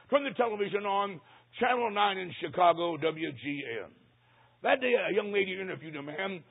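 An older man, a pastor, telling a story in a dramatic sermon, swinging from hushed to loud. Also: sits high, creaky, husky. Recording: tinny phone-like recording.

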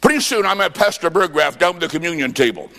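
High-voiced preacher in a reverberant hall. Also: male voice, expressive, quick pace, gravelly. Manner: dramatic, swings between shouts and hushed asides. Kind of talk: sermon with storytelling.

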